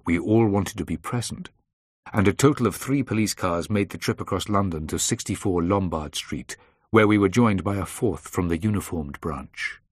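A man narrating a first-person crime novel in a measured, dry way. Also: sits low, no echo. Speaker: audiobook narrator.

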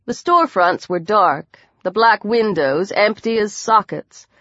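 A woman's voice: medium pitch, animated, unhurried, a bit bright, no room sound, muffled recording. A woman reading a dramatic horror novel aloud as audiobook narrator.

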